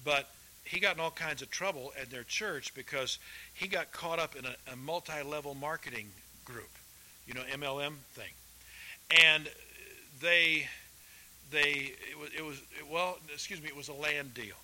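A man preaching a sermon, rising loud for quotations and dropping low and quiet for folksy asides. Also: moderate pace, a little hiss or hum, poor audio. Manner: folksy, addresses listeners as folks. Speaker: pastor.

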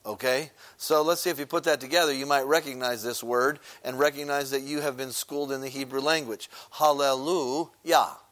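A man's voice: mid-range voice, fairly even intonation, brisk, hardly any pauses, a bit bright. A man preaching a sermon in a conversational teaching manner, using many filler words and asking the congregation questions as he explains. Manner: briefly sings a short chorus.

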